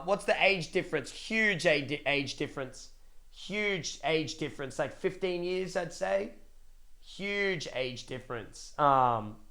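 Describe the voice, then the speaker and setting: A young man, a streamer casually telling a family story to his live chat, emphatic and repetitive, swearing freely. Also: mid-range voice. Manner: animated, emphatic repetitions and dramatic pauses.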